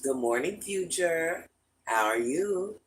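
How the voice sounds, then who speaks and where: A middle-aged man hosting a casual livestream, telling stories and answering his chat in a lively, repetitive way. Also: a little high, slow, a little hiss or hum, rough recording. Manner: repetitive, animated storytelling, often restarts phrases. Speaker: livestream host talking to chat viewers.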